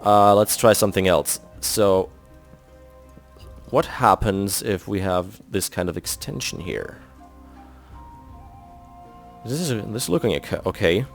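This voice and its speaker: Here the game-building host, a man from Germany with a German accent, uses a lowish, creaky voice with lively intonation and a measured pace, pausing often. He thinks aloud and explains his build step by step in casual commentary over faint background music.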